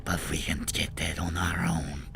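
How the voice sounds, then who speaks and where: Growling tribal warrior with a South African accent. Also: male voice, low-pitched, flat delivery, normal speed, bright, forceful tone, pitched below the performer's own voice, exaggerated voice. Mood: gruff, dismissive. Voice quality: growling, whispered rasp. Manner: terse, clipped, proud. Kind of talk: tabletop role-play.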